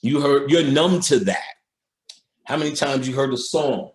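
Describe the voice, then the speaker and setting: A man's voice: mid-range voice, expressive, unhurried. A male occult lecturer talking in a casual, streetwise and profane way, telling stories and mimicking other people's voices.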